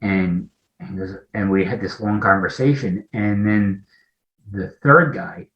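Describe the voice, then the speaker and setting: A man's voice: low-pitched, measured pace. A man as an interview guest, candidly telling a meandering personal recovery story in conversation. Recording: roomy, dull lo-fi sound.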